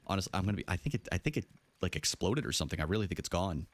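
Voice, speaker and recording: Lively, joking young male game streamer. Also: low voice, rapid-fire. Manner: animated, jokey, swears, talks to chat. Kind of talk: casual live game commentary.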